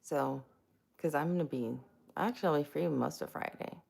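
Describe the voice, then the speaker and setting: A woman's voice: low-pitched, normal speed, gravelly, a little mellow. A woman hosting a casual live stream, chatty and self-mocking, greeting viewers by name.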